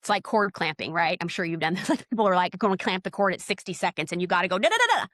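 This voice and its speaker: A woman's voice: lowish voice, steady tone, fast talker, fairly bright tone, no room sound, clean studio sound. A middle-aged woman, a doula telling stories in a casual interview, blunt and outspoken, and she often acts out the dialogue. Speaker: doula, podcast guest.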